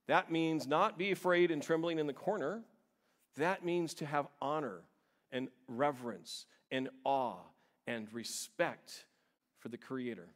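Guy pastor giving a sermon, chatty, mid pitch. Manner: conversational preaching, stressing words. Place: church.

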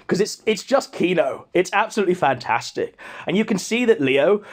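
A man's voice: high-pitched, expressive, normal speed. A man hosting a podcast, ranting in a mocking, scornful way. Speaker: podcast host. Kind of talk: casual ranting commentary.

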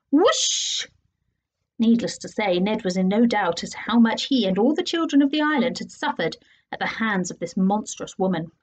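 A woman teacher reads a children's story aloud. Her voice is husky and sits a little high. She plays up the comic bits with sound effects. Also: a little mellow. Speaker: teacher reading a class story.

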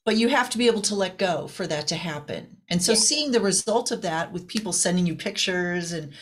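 A woman hosting an interview, reflective and affirming, building her points slowly. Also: on the low side, animated. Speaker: interview host. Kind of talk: casual video-call interview.

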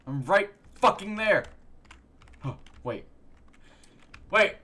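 A man's voice: medium pitch, fairly quick, a bit bright. A man giving profane, exasperated gameplay commentary, breaking into sudden yelps and curses. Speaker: gaming streamer. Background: game music and keyboard clicks.

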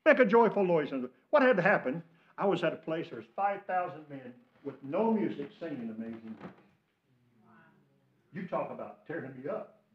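In a church sanctuary, an older pastor with an American Midwestern accent preaches a fervent sermon, swinging between loud exhortation and hushed asides. His voice is high, and the sound is lo-fi.

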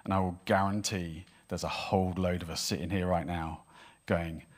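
A man preaching a sermon in church, telling a Bible story in an animated way and acting out the voices of the people in it. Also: sits low, moderate pace. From Wales. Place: church hall with congregation.

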